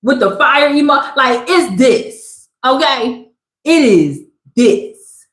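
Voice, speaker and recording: Woman tarot reader, live-stream energy, slangy and preachy with jokes, slightly high voice, roomy echo. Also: lively intonation, slow pace. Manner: loud, slangy, preachy and joking. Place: Southern California. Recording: echoey room.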